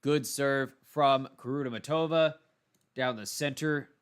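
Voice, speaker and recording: A man with a Texan accent calls a tennis match shot by shot in a calm, even-tempered way. His voice sits in an ordinary middle pitch, and he adds brief asides between points as he works through a solo live watchalong. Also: a little slow, clean tone. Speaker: tennis commentator.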